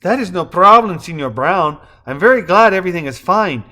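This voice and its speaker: A man's voice: high-pitched, animated, a little fast, sharp tone, pitched above the performer's own voice. A man reading a novel aloud, voicing a polite, formal female hotel receptionist who is eager to help. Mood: courteous.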